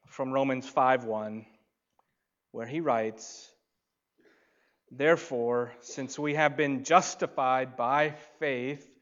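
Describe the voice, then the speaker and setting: A man preaching a sermon, swinging between loud emphasis and soft, quiet asides. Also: medium pitch, highs cut off. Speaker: pastor.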